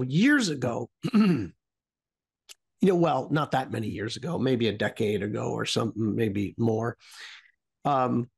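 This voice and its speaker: Gravelly middle-aged man, lively up-and-down delivery, rambling anecdotes on a talk show. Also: mid-range voice. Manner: rambling, trailing off often. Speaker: podcast co-host. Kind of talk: casual storytelling.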